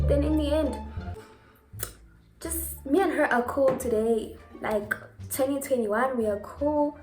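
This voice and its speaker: A young woman vlogger telling a story in a casual, dramatic and animated way, repeating words for emphasis. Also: sits high, measured pace, pauses often, over music. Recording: echoey room.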